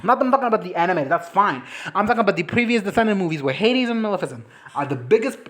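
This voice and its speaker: A woman chatting casually as a movie reviewer, animated and swearing, breaking into quick impressions of characters. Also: medium pitch, a little hiss or hum. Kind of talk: casual reaction chat.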